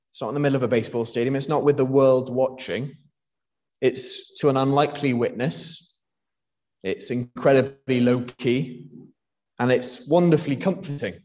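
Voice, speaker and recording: A man's voice: mid-range voice, darkish tone. A young man from Wales preaching a sermon in a conversational way, with frequent fillers and restarts.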